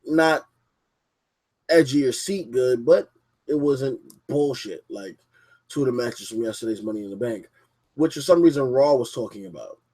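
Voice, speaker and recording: A man's voice: mid-range voice, animated, moderate pace, warm tone, slightly rough. Profane rambling young man ranting. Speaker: podcast host reviewing wrestling. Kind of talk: casual livestream podcast rant. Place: home basement.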